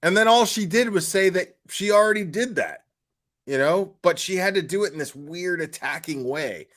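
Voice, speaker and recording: A man's voice: high voice, animated, moderate pace, fairly bright tone. Profane ranting man on a live stream. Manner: profane, mocking, lots of "like" and "you know". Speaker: livestream host. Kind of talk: casual live stream rant.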